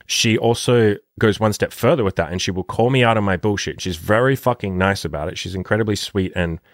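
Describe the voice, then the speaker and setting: A man's voice: lowish voice, no room sound, studio quality. A man who works as a dating coach, talking casually and emphatically on his podcast with a lot of swearing. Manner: profane, emphatic, rapid-fire.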